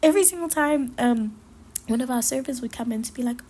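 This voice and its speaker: A young woman hosting a casual solo podcast, talking in a rambling, gushing way with lots of fillers and a soft, half-whispered delivery. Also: on the high side, fairly quick, a little hiss or hum. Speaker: podcast host.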